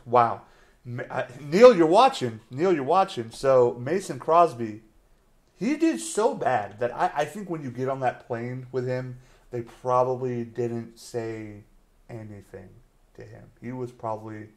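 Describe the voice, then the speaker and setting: A man co-hosting a casual sports live stream. He rambles loosely, teases the absent co-host and breaks into laughter, often stalling on fillers and restarts. His voice sits in an ordinary middle pitch. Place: lives in Austin, Texas.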